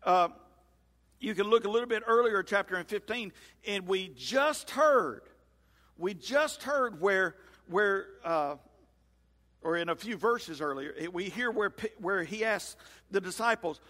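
A male pastor preaching a sermon in a church sanctuary, acting out scripture dialogue with lively swings in voice. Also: high voice, unhurried. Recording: long hall reverb.

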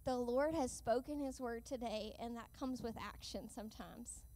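High-voiced woman preaching a sermon. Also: mellow. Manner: earnest, measured delivery with slowed emphatic lines.

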